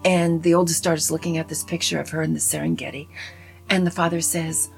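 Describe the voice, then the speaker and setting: A woman giving a casual spoken movie review in an animated, opinionated, rambling way full of asides. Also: low voice, a little fast, creaky, soft background music. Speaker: film reviewer.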